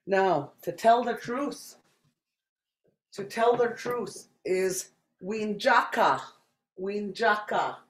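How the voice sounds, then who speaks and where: Patient language teacher from Saskatchewan, mid-pitched, very slow delivery, roomy echo. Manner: repeats each word slowly and deliberately, patient explaining. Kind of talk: slow spoken language lesson.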